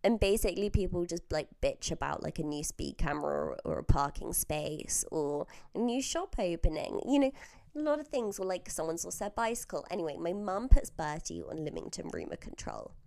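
A woman's voice: fairly low pitch, very animated, a little fast, gravelly, darkish tone, no echo, studio quality. A young woman in her early twenties, a podcast host who is feeling unwell, telling stories in a chatty way, laughing often and sometimes dropping to a whisper. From southern England. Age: early 20s. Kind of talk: casual chat. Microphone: very close to the mic.

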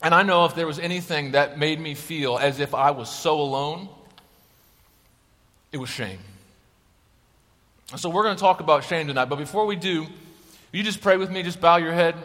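A young man, a youth pastor, preaching to a crowd of students in an upbeat, joking, energetic way. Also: fairly high pitch, normal speed, long pauses. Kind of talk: youth sermon. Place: large worship hall. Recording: long hall reverb.

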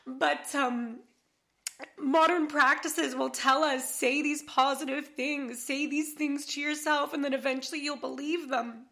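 A woman's voice: high voice, steady tone, unhurried, sharp tone. A woman hosting a podcast interview, effusive and heartfelt, swearing casually as she talks. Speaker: podcast host.

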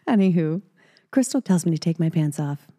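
A middle-aged woman from Texas tells a personal story on her podcast, close and confiding. Her voice is low, husky and mellow, and she often giggles and slips into whispers. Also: lively intonation, a little slow. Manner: intimate, giggly, dropping into whispers. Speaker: podcast host.

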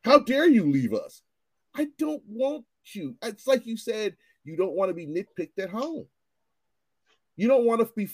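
A man ranting in casual commentary, animated and profane, often repeating himself as he restarts his sentences. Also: sits high, no echo.

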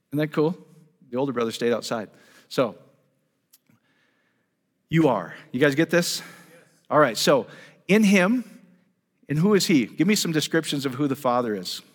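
Male pastor, fairly high voice, eager and chatty, long hall reverb. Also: animated, normal speed, long pauses. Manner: enthusiastic, conversational, full of rhetorical questions. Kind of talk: sermon teaching.

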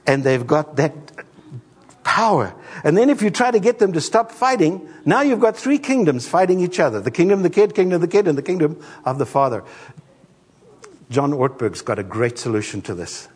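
A middle-aged man preaching a sermon as a pastor, an animated storyteller who acts out the voices in his stories. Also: fairly high pitch, normal speed, breathy edge, big-room sound.

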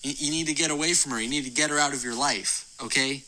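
A man's voice: medium pitch, fast, pushed and bright, slight background noise, low-quality recording. A man giving advice on a podcast call-in segment, emphatic and earnest with some stumbles.

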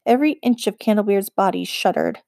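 A woman narrating a children's fantasy audiobook in an even, expressive storytelling voice. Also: medium pitch, a little fast, no room sound, studio quality. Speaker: audiobook reader.

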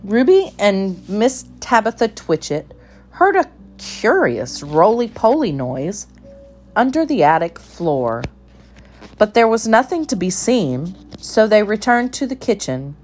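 A woman reading a children's storybook aloud with measured, expressive narration. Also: medium pitch, soft background music. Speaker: storybook reader.

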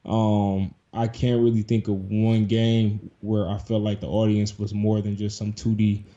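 A Detroit game developer in his twenties, appearing as a podcast guest, chats casually and rambles with many fillers. His voice is low-ish, mellow, a bit slow and totally flat, and the recording has a dull lo-fi sound.

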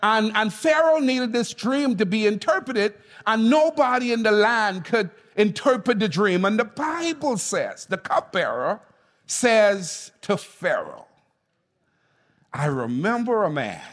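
Slow, lively high-voiced male preacher. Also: in a large hall. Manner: emphatic, calls on the congregation to respond. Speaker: pastor. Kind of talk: sermon. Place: church.

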